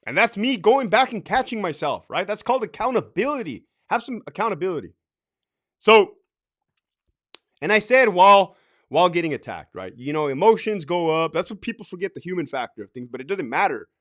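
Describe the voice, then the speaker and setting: A man's voice: high-pitched, sing-song, a little fast, fairly bright tone. A man who used to be a correctional officer, giving blunt, profane advice in a casual talk and ending many points with "right?".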